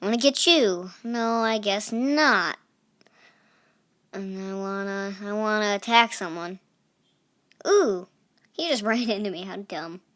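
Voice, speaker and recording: Bright, playful young woman gaming. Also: medium pitch, animated, slow pace, pauses often. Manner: chatty, playful, reactive exclamations. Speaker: gaming channel host. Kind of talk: casual gameplay commentary.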